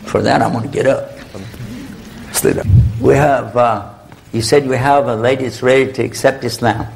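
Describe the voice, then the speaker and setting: A man giving an Islamic lecture to a live audience in a hall, humorous and animated, leading the crowd in call-and-response. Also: mid-range voice, normal speed, vocal fry, noisy background.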